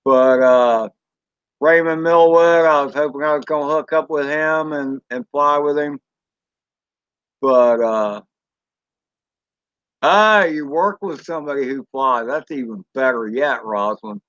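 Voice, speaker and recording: A man with a Southern US accent chatting casually on a live stream, rambling and folksy with drawn-out fillers and mild swearing. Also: medium pitch, fairly bright tone, smooth, dry recording, muffled recording. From Southern United States. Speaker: drone channel host reading live chat.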